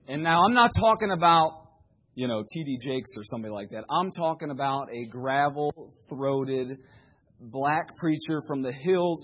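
A man's voice: medium pitch, a bit bright, poor audio. A man preaching a sermon, telling a story with humor and animation.

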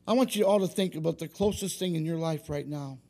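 A man's voice: fairly high pitch, fast talker, darkish tone. A man preaching a sermon, rambling with many restarts and calls for amen.

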